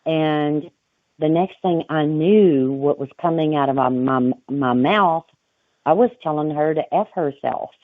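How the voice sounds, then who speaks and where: Female guest on a phone line, slow and reflective, dry tinny audio. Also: sits low, no room sound. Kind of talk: personal account in an interview.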